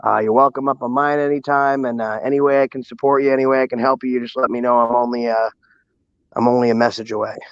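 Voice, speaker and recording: A man's voice: mid-range voice, flat delivery, fast, clear, resonant tone, dry recording, dull audio. A man, a guest on an online chat show, joking and repeating a catchphrase, sounding exhausted.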